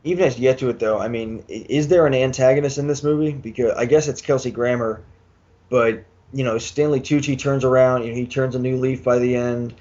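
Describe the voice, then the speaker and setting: A measured man talking casually as co-host of a podcast about movies, with a mid-range voice. The recording sounds dull and somewhat lo-fi. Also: medium pitch, fairly even intonation, darkish tone. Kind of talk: casual movie review chat.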